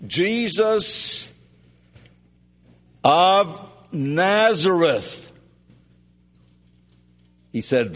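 Loud, animated man preaching in a hall. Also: fairly high pitch, moderate pace. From Canada. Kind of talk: sermon. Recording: long reverb of a hall.

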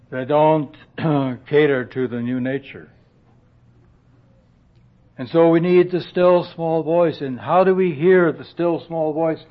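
A man preaching a sermon in a slow, earnest way, often dropping to a soft hush and clearing his throat. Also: fairly high pitch. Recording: dull lo-fi recording.

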